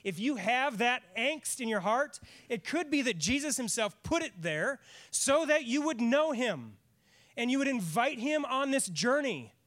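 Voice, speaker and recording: A man's voice: very high-pitched, big pitch swings, unhurried, a bit bright. A middle-aged man preaching a sermon in church as pastor, earnest and emphatic, repeating lines for stress. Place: church sanctuary.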